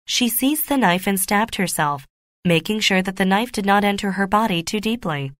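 A woman narrating a graded reader audiobook in a clear, steady, measured way. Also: mid-range voice, dry recording, clean studio sound.

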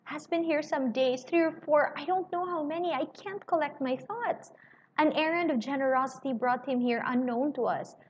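A woman's voice: high voice, normal speed, pitched above the performer's own voice, natural voice. A woman voicing a distraught young wife who pleads in broken, panting phrases. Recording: slightly muffled with faint hiss.

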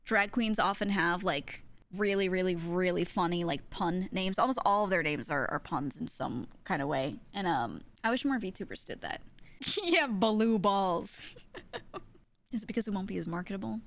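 Reacting to clips on a home stream, a young woman VTuber talks at a normal speed in a fairly low, fairly bright voice. She's animated and casual with her viewers, laughing often between sentences.

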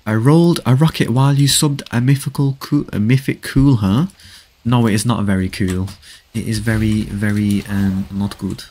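A man's voice: lowish voice, fairly even intonation, normal speed, dark tone. A man hosting a casual live gaming stream, reading viewers' chat aloud, answering it and repeating short stock praise in a laid-back way. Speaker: livestream host.

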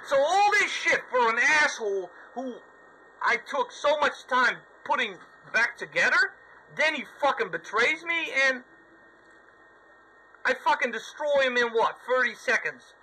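A man talks over his gameplay in a high, bright, lively voice, swearing constantly and mocking the characters on screen. His commentary swings between griping and gloating, with a faint hiss of noise behind him. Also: unhurried, low-quality recording. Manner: sweary, sarcastic, ranting at the game. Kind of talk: let's play commentary.

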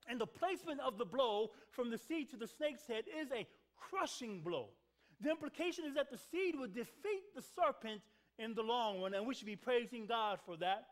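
A man preaching a sermon as pastor of a church, calling out to the congregation for responses and repeating words for emphasis. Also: extremely high pitch. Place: church sanctuary.

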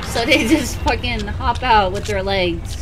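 Woman streamer, high lively voice, yelps and swears through a horror game over loud music. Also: measured pace, rough recording. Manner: panicky screaming and heavy swearing. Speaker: gamer playing a horror game. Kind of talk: let's play commentary. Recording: game music playing loudly behind.

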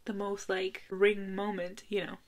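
A woman of twenty-five giving casual reaction commentary from her bedroom at night, gushing and giggling, often sinking to a hushed whisper. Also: mid-range voice, flat delivery, unhurried. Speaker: video creator reacting to a music video.

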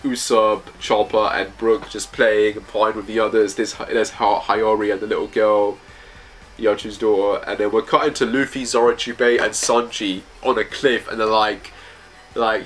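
A man's voice: lowish voice, flat delivery, normal speed, a bit bright. A man reviewing manga chapters in casual commentary, reading panels aloud in loose, slangy phrasing.

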